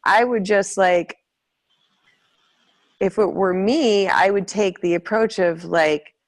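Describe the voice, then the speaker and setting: A woman's voice: medium pitch, takes it slowly. A woman in casual conversation, talking reflectively and hesitantly as she searches for her words.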